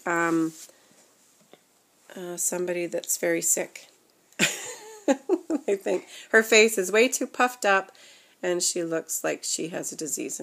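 Chatty woman showing her dolls. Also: mid-range voice. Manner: chatty and rambling, with fillers and self-corrections; talks softly, sometimes dropping to a near whisper. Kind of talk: casual chat.

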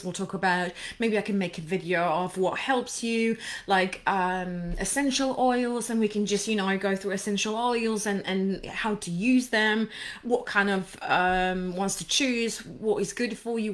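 A woman's voice: medium pitch, fairly even intonation, unhurried. A woman coaching people through anxiety in a casual live stream, bubbly and effusive, rambling with many fillers as she reacts to viewer comments.

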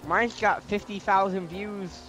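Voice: medium pitch, steady tone, a little slow, fairly bright tone, faint music behind, natural voice. Player voicing a talking pet dog, cheeky, barking, casual game role-play. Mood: laid-back. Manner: barks "roof" between plain words.

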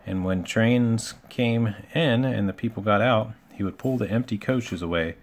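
A man reading a children's picture book aloud in a relaxed, homely way, with small slips and asides. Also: lowish voice, normal speed. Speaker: storybook reader.

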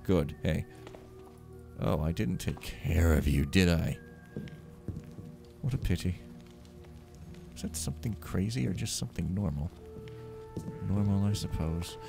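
A man's voice: sits low, measured pace, long pauses. A man giving rambling, wry commentary as he plays a game, with mumbled asides to himself. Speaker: game streamer. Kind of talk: casual let's-play commentary. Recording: game music heard clearly behind. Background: game music.

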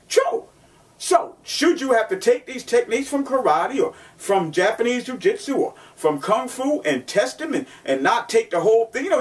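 A man's voice: high-pitched, distant mic. A man who teaches martial arts, talking in an emphatic way with lots of rhetorical questions and repetition. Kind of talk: instructional video talk.

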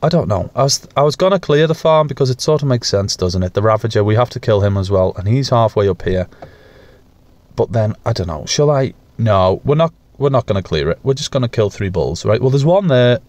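A young gaming YouTuber playing a survival game gives casual, self-mocking commentary, occasionally swearing, making playful sound effects, and cooing at pets. His medium-pitched voice is animated, brisk, and darkish in a dry recording.

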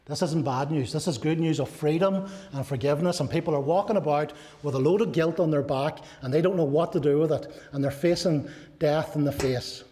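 Male pastor preaching, kinda high voice, asks lots of questions, goes soft and low on the big lines. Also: fairly quick. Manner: earnest preaching with rhetorical questions. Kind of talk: sermon.

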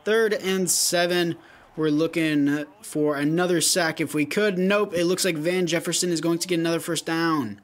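A man's voice: fairly high pitch, fairly even intonation, normal speed. A young man giving casual play-by-play commentary over a football video game, calling plays like a sports announcer with offhand asides to his viewers. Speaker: gaming YouTuber. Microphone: gaming headset.

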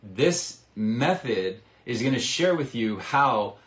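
A man coaching salespeople in a live stream, talking in an energetic, persuasive way and acting out bits of sales dialogue. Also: medium pitch, slow pace, reverberant.

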